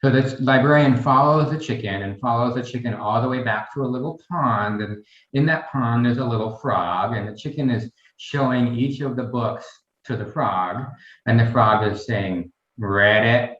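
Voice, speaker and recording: A man's voice: mid-range voice, moderate pace, fairly bright tone. A middle-aged man as an interview guest, chatting casually and rambling a little while he tells stories and a joke. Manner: chatty, rambling, telling a joke with acted bits. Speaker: guest, garden vice president. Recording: roomy, dull lo-fi sound.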